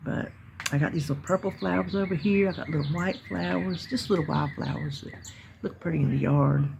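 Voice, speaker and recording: A middle-aged Southern vlogger from North Carolina talks casually and folksily to her viewers from her yard as birds chirp. Her voice is lowish, brisk and gravelly, against a noisy background.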